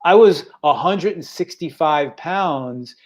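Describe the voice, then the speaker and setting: Co-host, 60s man, candid halting storyteller on a video call. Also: on the high side, expressive, darkish tone. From Staten Island, New York. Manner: halting, repeats words, emotional. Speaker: podcast co-host.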